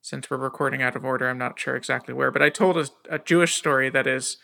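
A man's voice: medium pitch, fairly even intonation, fast, gravelly, bright, forceful tone. A man co-hosting a podcast, chatting in a curious, talkative way. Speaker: podcast co-host. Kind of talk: casual conversation.

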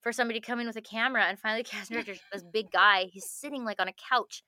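A woman with a bright, clear voice and a fairly high pitch tells her stories with lots of energy. She laughs often and acts out what people said to her. The sound is close and dry, with no room around it. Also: racing, no echo. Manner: animated storyteller, laughs often, acts out quotes. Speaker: actress, podcast guest. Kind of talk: casual interview chat.

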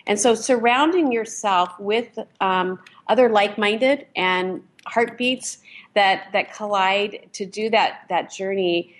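A woman's voice: mid-range voice, slow pace. A woman co-host talks in an earnest, encouraging way. Her sentences run on and flow into one another, each thought linking to the next. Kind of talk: casual talk show chat.

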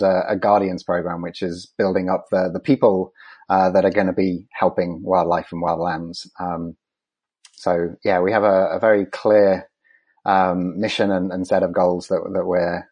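A man, a conservation scientist, answering interview questions in a measured way with many ums and restarts. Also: low-pitched, little pitch movement, darkish tone, breathy edge, lo-fi sound.

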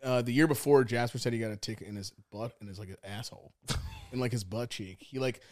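A young man co-hosting a podcast, telling rambling, profane stories in casual chat and acting out loud quotes. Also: mid-range voice, fairly quick. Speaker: podcast co-host.

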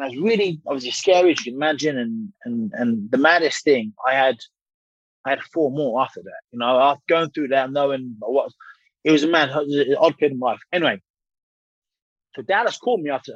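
A man's voice: medium pitch, fairly quick, no room sound, highs cut off. A man in his thirties, a former boxer telling a long story as a guest, candid and swearing freely, with rambling restarts. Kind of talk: casual storytelling interview.

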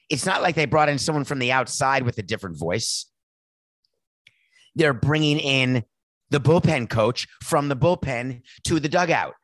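A man's voice: mid-range voice, fairly bright tone, dry recording. A man hosting sports talk, worked up and sarcastic as he acts out exchanges between team officials. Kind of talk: animated sports commentary monologue.

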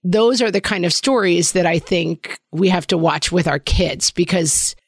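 A woman in her forties co-hosting a podcast, telling stories in a brisk, wry way. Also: lowish voice, dry recording, studio quality. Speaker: podcast co-host. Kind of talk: casual podcast chat.

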